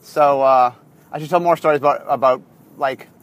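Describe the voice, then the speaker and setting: A man's voice: mid-range voice, normal speed, no echo. A man hosting a casual solo podcast while driving in his car, rambling with lots of fillers and restarts. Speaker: podcast host.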